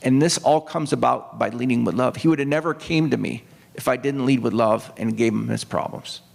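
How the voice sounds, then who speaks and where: Gravelly older man telling a story. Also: medium pitch, fairly quick. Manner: earnest, emotional storytelling, rises into acted quotes. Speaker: retired naval officer speaking at a book event. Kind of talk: personal storytelling talk. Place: opera house stage. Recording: long hall reverb.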